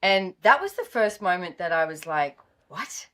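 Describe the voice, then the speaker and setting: Aussie woman guest, animated anecdotes, lowish pitch, video-call sound. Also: normal speed. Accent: Australian. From Australia. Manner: lively storyteller, acts out quoted dialogue. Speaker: guest, business author. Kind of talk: casual storytelling interview.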